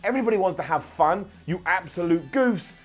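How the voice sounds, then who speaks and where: A man's voice: sits high, animated, fairly quick, breathy edge. A young man recapping a wrestling show in an opinionated, sarcastic way, with jokey asides. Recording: light background music.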